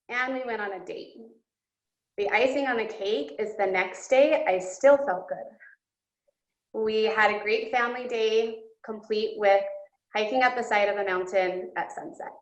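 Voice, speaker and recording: A woman's voice: a little high, measured pace. A woman guest speaker giving an earnest, emotional personal testimony. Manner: earnest and emotional, with breaks into laughter. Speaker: guest speaker at a coaching session. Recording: roomy, dull lo-fi sound.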